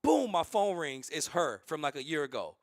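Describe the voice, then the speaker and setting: A man streaming and telling stories in a casual, rambling, animated way, with many restarts. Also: on the high side, moderate pace, gravelly, dry recording, studio quality. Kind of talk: casual livestream storytelling.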